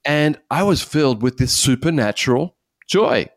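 A man, a pastor, giving an earnest, animated personal testimony in conversation. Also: medium pitch, normal speed, no room sound, clean studio sound. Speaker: pastor and guest speaker.

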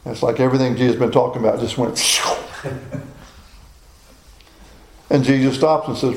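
Gravelly older man preaching. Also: medium pitch, moderate pace, pauses often, echoey room, a little hiss or hum, rough recording. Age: 60s. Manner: folksy, personal storytelling, animated. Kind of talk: sermon.

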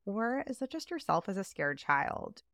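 A woman co-hosting a casual podcast chat, talking in an animated way and acting out the voices she quotes. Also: mid-range voice, normal speed, no echo, studio quality. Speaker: podcast co-host.

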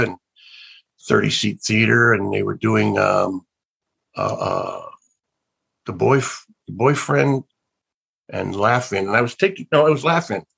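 An older man with a low, gravelly, husky voice tells rambling stories as an interview guest. He circles back and restarts his sentences, wondering aloud about the past in a relaxed, reflective way. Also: poor audio. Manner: rambling, with many restarts and trailing thoughts. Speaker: actor and guest. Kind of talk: casual interview storytelling.

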